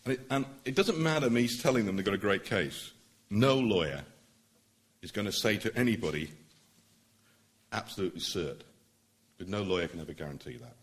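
Earnest deep-voiced barrister giving a speech. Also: male voice, animated, fairly quick. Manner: earnest, emphatic, building to forceful points. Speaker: barrister addressing a public meeting. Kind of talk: public speech.

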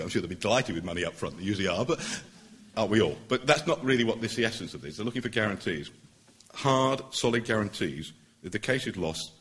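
Earnest deep-voiced barrister giving a speech. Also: male voice. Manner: earnest, emphatic, building to forceful points. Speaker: barrister addressing a public meeting. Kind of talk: public speech.

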